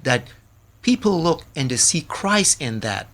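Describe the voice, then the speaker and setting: A man's voice: on the high side, sing-song, a little slow, fairly bright tone. A man talking as a radio guest in an earnest, preacherly way, quoting scripture. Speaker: guest, product maker. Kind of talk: casual radio talk with preaching.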